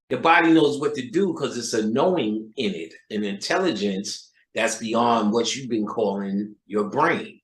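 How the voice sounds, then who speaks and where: A man's voice: mid-range voice, lively intonation, a little slow, hardly any pauses, fairly bright tone. A man giving a profane spiritual lecture, emphatic and swearing, with street-talking rhetorical repeats. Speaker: occult lecturer. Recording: roomy echo.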